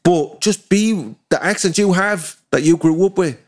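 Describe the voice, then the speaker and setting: A man with a working-class Dublin accent, a guest rapper in a casual podcast chat, talking in an animated, swearing way. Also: high-pitched, unhurried. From Ireland. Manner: animated, swears freely, slips into impressions of others.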